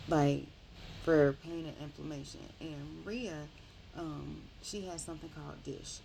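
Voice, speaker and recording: A woman casually retelling a book's plot in a rambling, animated way, often correcting herself. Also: sits low, creaky, noisy background. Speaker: book reviewer. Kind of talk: casual book review.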